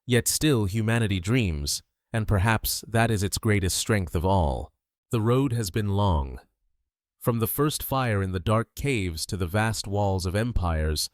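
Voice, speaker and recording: A man narrating a scripted sleep documentary in a calm, measured, unhurried way. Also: fairly low pitch, dry recording, clean studio sound.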